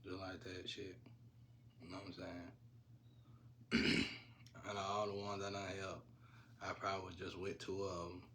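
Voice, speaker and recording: Low-voiced man telling rambling stories. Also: monotone, unhurried, pauses often, bright, forceful tone, slight background noise. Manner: rambling, laughs often, slangy. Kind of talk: casual storytelling.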